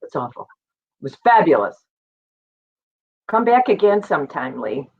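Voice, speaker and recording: A woman's voice: sits low, sing-song, moderate pace, breathy edge, phone-quality sound. A woman hosting an online show, chatting and teasing her guests between acts. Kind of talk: casual chat.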